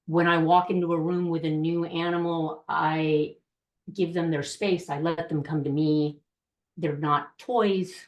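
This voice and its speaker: A woman animal communicator talking on a podcast in short, earnest statements. Her voice is very low for a woman. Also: roomy sound. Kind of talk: casual podcast chat.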